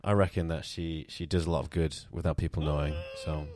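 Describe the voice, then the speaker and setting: A man's voice: extremely low pitch, steady tone, a little fast, darkish tone, a little hiss or hum. A man in his twenties, a podcast guest, chatting casually with jokes and self-deprecating asides. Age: 20s.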